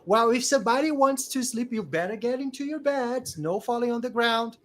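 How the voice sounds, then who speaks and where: A man voicing a gruff adult camp counselor who barks orders at kids. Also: very high voice, a little fast, voice pushed up. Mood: bossy.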